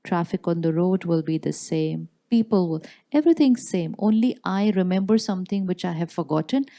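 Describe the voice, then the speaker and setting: A woman gives a spiritual talk in a large hall. Her voice sits low and mellow, and she moves through slow, calm affirmations with deliberate pauses. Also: vocal fry. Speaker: spiritual teacher. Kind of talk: spiritual talk to a live audience.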